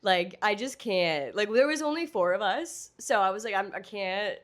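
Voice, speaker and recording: A woman's voice: medium pitch, normal speed. A woman co-hosting a podcast in casual chat, telling stories animatedly and acting out quotes with frequent laughs. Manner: animated storyteller, acts out quotes, laughs often. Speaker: podcast co-host.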